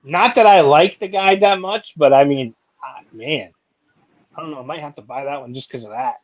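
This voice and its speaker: A man's voice: a little high, normal speed, dry recording. A man co-hosting a chatty show, laughing and reminiscing in casual banter. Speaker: podcast co-host. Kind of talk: casual chat. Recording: dull lo-fi sound.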